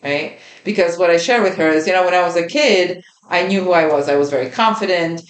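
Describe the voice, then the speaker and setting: A woman's voice: fairly low pitch, brisk. Earnest woman in her fifties, echoey room. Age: 50s. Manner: earnest, reflective storytelling. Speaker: podcast co-host. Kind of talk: casual chat.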